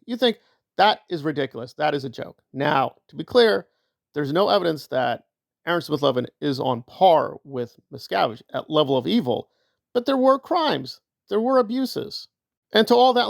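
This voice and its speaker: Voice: medium pitch, creaky, no echo, clean studio sound. A commentator giving opinion commentary in a sarcastic, argumentative way.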